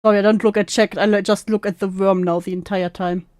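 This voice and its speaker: A woman's voice: medium pitch, level tone, quick pace, a little mellow, dry recording, studio quality. A woman streamer reacting to an old call clip, sarcastic and laughing, mockingly repeating what she hears. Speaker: commentary streamer.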